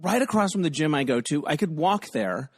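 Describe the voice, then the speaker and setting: A man's voice: a little high, animated, fairly quick, slightly rough, dry recording, clean studio sound. A man hosting a podcast in a casual, rambling chat, often laughing as he talks. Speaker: podcast host.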